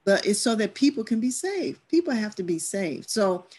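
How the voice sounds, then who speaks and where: A woman's voice: mid-range voice, very animated, moderate pace, a little mellow, breathy edge. A woman who leads church stewardship, talking earnestly and emphatically in a church discussion class.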